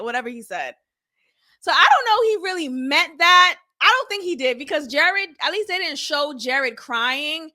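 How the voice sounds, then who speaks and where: A woman hosting her own podcast, recapping a reality show episode in a blunt, animated, slangy way and laughing often. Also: high-pitched, normal speed. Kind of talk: casual recap commentary.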